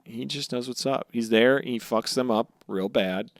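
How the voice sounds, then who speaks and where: A man at an everyday middle pitch talks fast and excitably on a podcast, swearing freely and slipping into voices for characters. The sound is dry and close, with no room around it. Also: no room sound. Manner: excitable, profane, acts out characters' lines. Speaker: podcast co-host. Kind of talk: casual podcast chat.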